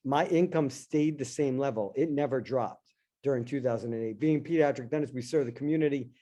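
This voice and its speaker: A middle-aged man, a guest in an interview, telling a personal story in an animated, casual way and acting out his own past lines. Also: mid-range voice, a little fast. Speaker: interview guest, dentist and investor.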